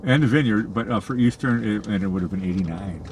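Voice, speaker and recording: An older man chatting casually as a livestream co-host outdoors by the beach, talking quickly and laughing easily. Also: fairly low pitch, a little mellow, a little hiss or hum. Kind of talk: casual chat.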